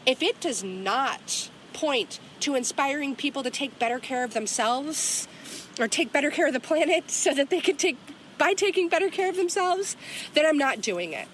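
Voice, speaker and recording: A woman's voice: high voice, lively intonation, normal speed, a little hiss or hum. A woman in her forties hosting a personal podcast outdoors by a river, talking in an earnest, heartfelt way and often checking in with "right?". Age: 40s. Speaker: podcast host, herbalist. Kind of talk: personal reflective podcast talk.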